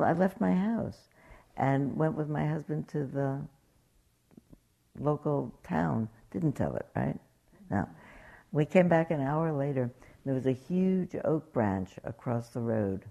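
A woman's voice: very deep voice, lively intonation, unhurried, vocal fry, highs cut off. A woman meditation teacher giving a dharma talk, telling stories in an anecdotal way and acting out quotes. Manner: warm anecdotal storytelling, acts out quotes.

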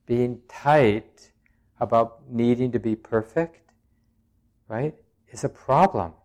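A man at a middle pitch teaches meditation in a dharma talk. He speaks plainly and reflectively, feeling his way through each thought with frequent pauses and a light touch of humour. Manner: plain-spoken and gently humorous.

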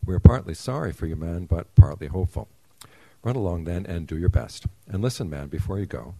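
A man voicing a genial male creator god in a fable, reading with a grand, booming delivery. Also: expressive, fairly quick, gravelly, warm tone, no room sound, heavily acted, rough recording. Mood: benevolent.

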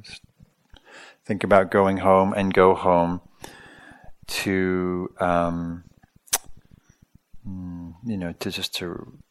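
Deep-voiced man giving a gentle dharma talk. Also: smooth. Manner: slow, gentle, reflective with hesitations. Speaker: meditation teacher.

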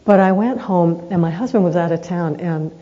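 Woman, meditation teacher, dharma talk, earnest unhurried storytelling, mellow voice, muffled lo-fi sound. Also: fairly low pitch. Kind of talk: reflective dharma talk with personal stories.

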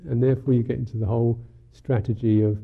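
A Buddhist monk teacher giving a dharma talk in a musing, unhurried, wry way, often saying "you know". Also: male voice, mid-range voice, fairly even intonation, vocal fry, husky. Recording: tinny lo-fi talk recording.

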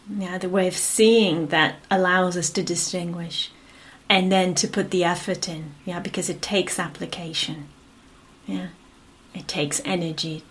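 A woman meditation teacher giving a gentle, unhurried dharma talk, her phrases often fading to a whisper and punctuated by a soft "yeah". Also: fairly low pitch. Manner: frequent affirming "yeah" between phrases.

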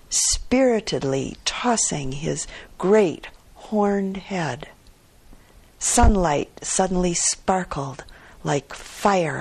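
A meditation teacher, a woman, telling a fable in a dharma talk, in a soft, hushed and measured way. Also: on the low side, husky.

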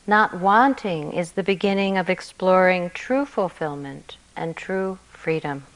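A woman meditation teacher giving a gentle, reflective dharma talk, often trailing off softly at the ends of phrases. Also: lowish voice, unhurried, poor audio. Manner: gentle and reflective, soft endings.

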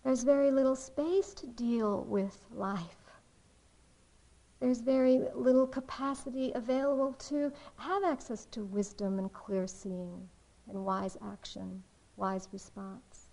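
A woman meditation teacher giving a dharma talk in a slow, reflective way, with soft pauses. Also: on the high side, fairly even intonation, low-quality recording.

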